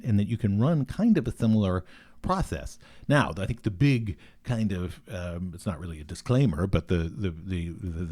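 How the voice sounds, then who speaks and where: A man guesting on a podcast answers in a conversational interview, sounding thoughtful and hesitant, with lots of fillers and restarts. His voice sits low and is a little mellow.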